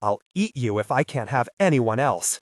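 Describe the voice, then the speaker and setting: A man's voice: medium pitch, sing-song, normal speed, no echo, studio quality, close to an everyday voice. A man voicing a cruel, menacing male mind-control power that threatens its host, in an audiobook. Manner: threatening, snarling.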